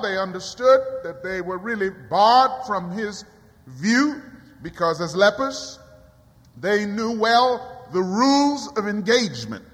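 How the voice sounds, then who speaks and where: A man preaching a sermon in a church, swinging from quiet low passages to high cries. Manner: dramatic rising cries and quiet drops. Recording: long hall reverb.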